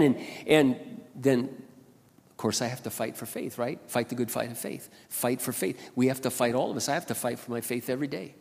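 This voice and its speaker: A man preaching a sermon as a pastor, passionate, dropping to quiet asides and then rising to loud exclamations. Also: mid-range voice, a little fast, creaky. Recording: long hall reverb.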